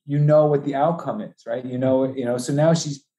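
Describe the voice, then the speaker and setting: A man telling the story of losing his newborn twins in a halting, emotional way, with frequent restarts. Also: medium pitch, steady tone, warm tone. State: voice breaking, high and strained with grief. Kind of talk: personal storytelling interview.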